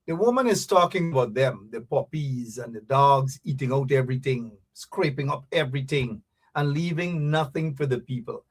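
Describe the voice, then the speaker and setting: A man's voice: mid-range voice, lively intonation, normal speed, slightly rough. A man with a Guyanese accent hosting a radio show, giving a mocking political commentary full of repeated taunts.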